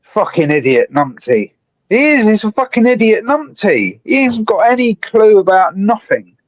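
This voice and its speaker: A man's voice: sits high, normal speed, no echo. Guy calling into a stream, sweary and rambly, muffled dry line. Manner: swears constantly, excitable, rambling with restarts. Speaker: guest caller on a live stream. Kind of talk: rambling casual chat. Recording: dull dry call audio.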